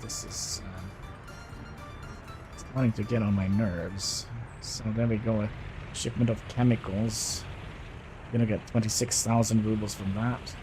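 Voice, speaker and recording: A man's voice: lowish voice, fairly even intonation, measured pace, pauses often, over music. A man livestreaming a city-building game, talking casually and hesitantly as he thinks aloud. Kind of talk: casual gameplay commentary.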